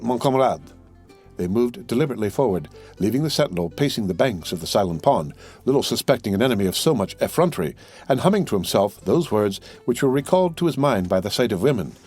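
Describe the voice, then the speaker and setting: A man reading a classic adventure novel aloud as an audiobook narrator, in a measured storytelling manner. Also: fairly low pitch, darkish tone, breathy edge. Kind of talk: scripted narration.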